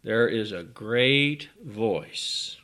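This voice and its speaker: A man's voice: fairly low pitch, lively intonation, extremely slow, bright, forceful tone. A man preaching a folksy, emphatic sermon, with sudden rising bursts.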